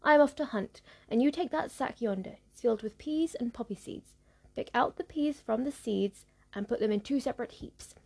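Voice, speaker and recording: A woman's voice: a little high, normal speed, gravelly, darkish tone, breathy edge. A woman voicing a cunning, menacing old witch in a storybook reading, speaking in commanding threats.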